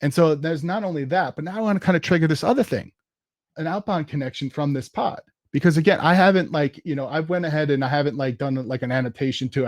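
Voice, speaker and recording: Male tech presenter, gravelly voice, dry close sound, casual and thinking aloud through a live demo. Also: on the high side, a little mellow, no room sound. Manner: casual, thinks aloud while typing commands. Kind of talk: live software demo walkthrough.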